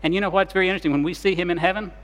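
A man preaching a sermon in a church, his voice sitting a little high and carrying a long reverb around it. He moves from loud, urgent passages to soft, hushed ones as he retells scenes. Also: steady tone, racing. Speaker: pastor.

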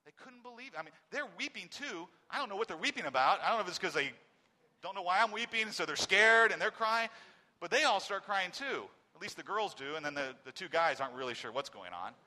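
A man in his forties giving a personal testimony. He swings between loud emphasis and very quiet, halting speech. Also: high-pitched, lively intonation, long reverb tail. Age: 40s.

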